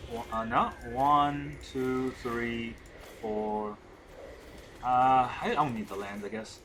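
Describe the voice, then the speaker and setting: A man's voice: medium pitch, takes it slowly, noisy background. A man thinking aloud as he plays a digital card game, counting cards and questioning his own moves. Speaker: gameplay streamer.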